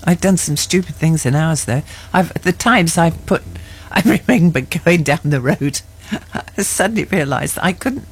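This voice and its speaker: A woman's voice: sits low, normal speed, hardly any pauses, husky. A woman co-presenting a radio show, teasing her co-host with mock indignation and frequent giggles. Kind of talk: playful radio banter.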